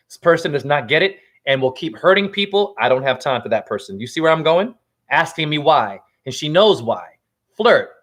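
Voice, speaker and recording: A man holding forth on a livestream as a self-styled spiritual teacher, profane and rambling. His voice sits high for a man and leaps around with lively swings of pitch. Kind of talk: livestream rant.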